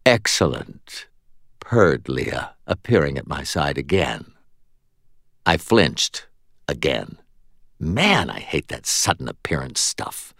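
A man reading an audiobook in first person with expressive, wry storytelling. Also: extremely low pitch, slow, gravelly, no room sound, studio quality. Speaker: audiobook narrator.

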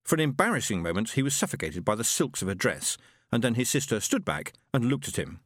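Guy narrating an audiobook, super lively pitch, dry close mic. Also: no echo. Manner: measured storytelling with lively inflection.

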